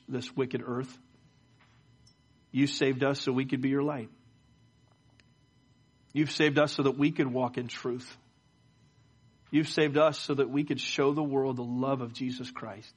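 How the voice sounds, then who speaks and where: A middle-aged pastor gives a sermon to his church. He speaks in a mid-range voice and often stumbles over repeated words. He moves between telling stories and leading a prayer. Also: mid-range voice. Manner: storytelling with frequent stammered word repeats. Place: church service.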